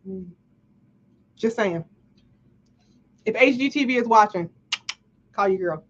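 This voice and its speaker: A woman hosting a casual live chat, talking in an animated, chatty way and often checking in with "right?". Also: medium pitch, slow. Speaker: host. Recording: dull lo-fi stream audio.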